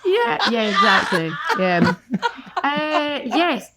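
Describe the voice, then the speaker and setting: A woman's voice: a little high, extremely slow, very noisy. Laughing Scottish woman telling stories. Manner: lively anecdotal storyteller, laughs often. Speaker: guest actor. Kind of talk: casual podcast chat.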